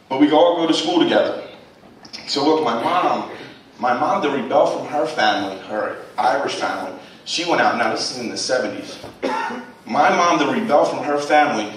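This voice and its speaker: A man's voice: medium pitch, far from the mic. A man in his thirties speaks from a stage in a big college theater. He tells his story bluntly, with plenty of swearing and conversational asides to the audience. His voice rings with heavy reverb, sounds set well back from the mic, and has a faint hiss under it. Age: 30s. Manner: blunt, profane, conversational, keeps checking in with "right?". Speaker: guest speaker. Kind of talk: storytelling talk to a live audience. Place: large college theater, in front of a full house.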